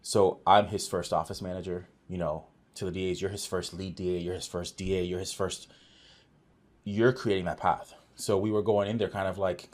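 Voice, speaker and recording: Low husky guy on a podcast, chatty office manager acting out who said what. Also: a little fast. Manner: earnest, animated retelling with quoted dialogue and many restarts. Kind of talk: casual conversational storytelling.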